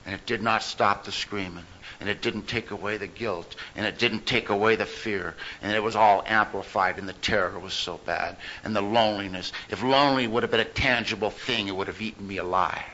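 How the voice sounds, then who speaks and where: A man's voice: fairly low pitch, fairly even intonation, fairly quick, pushed and bright. A man giving an emphatic, humorous recovery testimony as a meeting speaker. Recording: dull lo-fi recording with faint noise.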